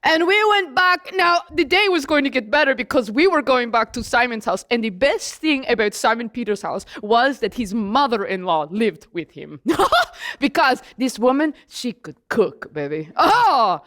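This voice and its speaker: Speaking as the apostle John, a woman tells of walking with Jesus in first person, turning to the listeners with questions. Her voice sits on the high side, expressive and a bit bright, at a moderate pace.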